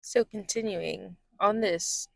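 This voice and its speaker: A woman's voice: medium pitch, slow pace, creaky, a bit bright, no echo, studio quality. A young woman co-hosting a podcast in casual, playful chat, laughing often and slipping into joking lines. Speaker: podcast co-host.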